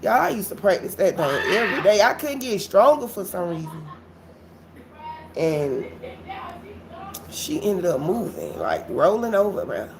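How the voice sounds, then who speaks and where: Profane, animated woman live-streaming a story. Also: mid-range voice, unhurried, pauses often. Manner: animated, blunt and profane, addresses viewers as y'all. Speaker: livestreamer.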